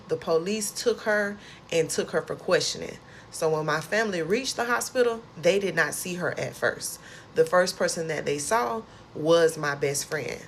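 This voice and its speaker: A woman's voice: low voice, a little hiss or hum. A young woman, animatedly telling her own survival story in a casual storytime vlog. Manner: animated, expressive retelling with dialect and slang.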